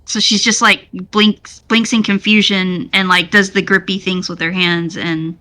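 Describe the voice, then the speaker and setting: A woman playing in a tabletop game, describing her character in an unhurried, rambling way. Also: medium pitch, flat delivery, sharp tone. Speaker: player. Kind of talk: casual tabletop play.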